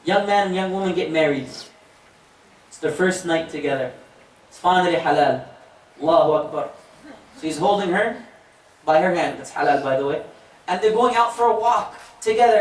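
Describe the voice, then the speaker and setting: A man giving a storytelling sermon as an imam, animated, with joking asides to the audience. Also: high-pitched, normal speed, long pauses. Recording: echoey hall, distant mic, faint noise.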